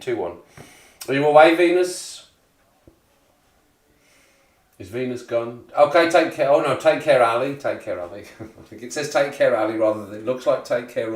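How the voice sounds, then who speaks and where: A man in his forties hosts a relaxed live stream, chatting and rambling as he greets viewers by name. His pitch sits right in the middle, and he laughs easily. The room around him has a noticeable echo. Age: 40s. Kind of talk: casual live stream chat. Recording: echoey room.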